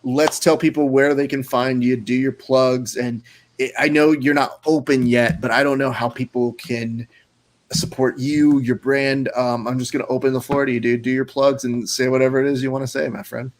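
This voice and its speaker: A man's voice: mid-range voice, level tone, normal speed. A man hosting a casual podcast interview, joking and rambling through a story. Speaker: podcast host.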